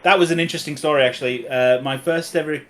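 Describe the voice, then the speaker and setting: A man's voice: fairly high pitch, steady tone. Laughing Cumbrian man, chatty co-host. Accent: Cumbrian English. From Cumbria, England. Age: middle-aged. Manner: chatty, laughs often, quick bursts. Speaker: podcast co-host. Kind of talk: casual chat.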